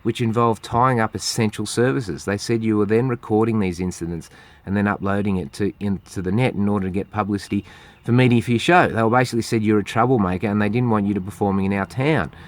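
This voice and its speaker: A man's voice: lowish voice, fast, dry recording. An Australian man telling a long, rambling story straight to camera, swearing freely and acting out what other people said. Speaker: street performer with a goat.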